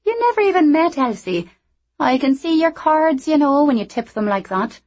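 A woman voicing a lively, teasing young woman who talks in a bright sing-song. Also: sits high, moderate pace, voice pushed up. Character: lively, cheeky young Scottish woman, playful.

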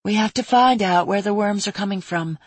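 A woman's voice: medium pitch, fairly quick, breathy edge, no echo, voice pushed up, close to an everyday voice. A woman reading a storybook voices a powerful female mage who speaks in a serious, direct way.

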